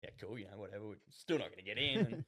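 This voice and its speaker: A man's voice: lowish voice, expressive, very fast, pushed and bright. An Australian man chatting as a podcast guest, rambling through stories, laughing often and acting out what others said. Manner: rambling, laughs often, acts out quoted voices. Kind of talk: casual storytelling chat.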